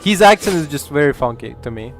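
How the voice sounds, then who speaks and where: A man's voice: on the high side, animated, fast, soft background music. A man streaming a game, rambling casually with lots of swearing, laughter and filler words. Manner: rambling, profane, laughs a lot, many fillers. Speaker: gaming streamer. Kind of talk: casual gameplay commentary.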